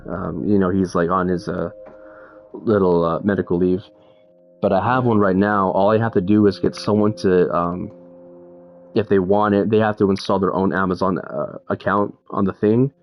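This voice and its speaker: A man's voice: sits low, fairly even intonation, moderate pace. A man chatting casually with friends in a laid-back, hesitant way. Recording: muffled stream audio with game music.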